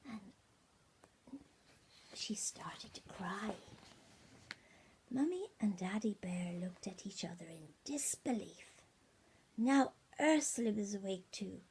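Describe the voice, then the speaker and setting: Reading a bedtime story to her grandchildren on a tablet at home, an older woman speaks gently, often whispers, and stops to ask the children things. Her voice is medium in pitch, expressive and slow, with frequent pauses. The iPad mini recording carries a little hiss or hum.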